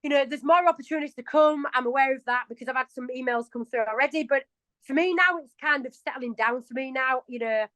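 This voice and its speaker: A woman in her early forties with a broad Yorkshire accent talks casually as an interview guest. She is chatty and self-mocking and laughs often. Her voice sits high, and the sound is close and dry, with little room tone. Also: quick pace, a bit bright, no echo, rough recording. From England. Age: 40s.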